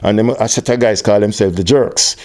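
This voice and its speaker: An older Jamaican man telling an animated story in an interview, with patois phrasing, acting out other people's voices. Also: brisk. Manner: animated storyteller, acts out quoted voices at high pitch. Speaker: interviewee, music tour manager.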